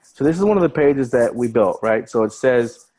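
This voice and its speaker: In a low-quality recording, a man with a medium-pitched, dark-toned voice and lively intonation speaks at a normal speed. Working as an online marketing trainer, he walks through a casual screen-share webinar on a video call, repeating words and restarting phrases as he goes.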